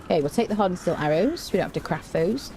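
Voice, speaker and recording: Woman game streamer, chatty and playful, warm lowish voice with lots of lilt, hums as she plays. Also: lively intonation, fast, slight background noise. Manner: chatty, playful, hums and scats while playing; talks to chat, greets viewers. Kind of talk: casual gameplay commentary.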